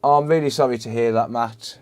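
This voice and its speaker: A man's voice: medium pitch, fairly even intonation, fairly quick, a little mellow. Chatty English man streaming a repair. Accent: Black Country English. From England. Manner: chatty, laughs often, talks to chat by name. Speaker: livestream host. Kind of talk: casual live-stream chat while repairing.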